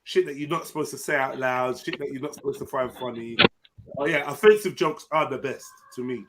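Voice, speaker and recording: A man's voice: medium pitch, brisk, a loud crowd. A man hosting a live stream panel in casual chat, laid-back, laughing easily and using street slang. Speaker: stream host.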